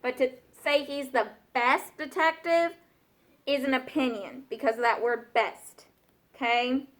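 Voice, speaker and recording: A woman's voice: high-pitched, measured pace. A woman teacher giving patient classroom instructions, often checking in with her students.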